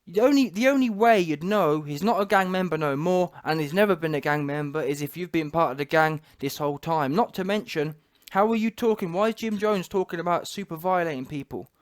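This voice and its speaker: Emphatic man, high voice. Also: brisk. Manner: emphatic, repeats rhetorical questions. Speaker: commentary channel host. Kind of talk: talking-head commentary.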